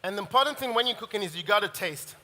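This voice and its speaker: A man's voice: high-pitched, expressive, rapid-fire, sharp tone. A middle-aged man, a chef giving a live masterclass in a chatty, laughing way and often restarting his sentences. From Nigeria. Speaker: chef giving a cooking demonstration. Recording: reverberant event hall.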